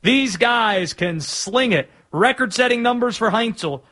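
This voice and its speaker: A man hosting a sports talk radio show, energetic and opinionated as he hypes up a football matchup. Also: extremely high pitch, measured pace.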